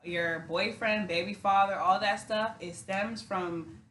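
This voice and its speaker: A woman's voice: mid-range voice, fairly even intonation, unhurried, a bit bright. A young woman talking as a podcast guest in casual chat, blunt and emphatic, swearing now and then. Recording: echoey room, mic at a distance, faint hiss.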